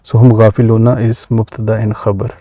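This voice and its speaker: Slow-paced man teaching Arabic grammar. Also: fairly low pitch, level tone, dark tone, dry recording, highs cut off. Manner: measured, many "uh" pauses, slow deliberate explanation. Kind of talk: explaining grammar from a workbook.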